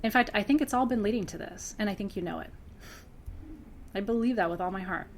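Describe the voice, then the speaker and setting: A woman who teaches spiritual practice, talking earnestly to her students close to tears, dropping to a hush and then rising with bright laughs. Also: mid-range voice, fast, a little hiss or hum. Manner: earnest, swings between hushed intensity and laughing brightness. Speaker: spiritual teacher hosting a member Q&A. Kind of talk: emotional heartfelt address to students.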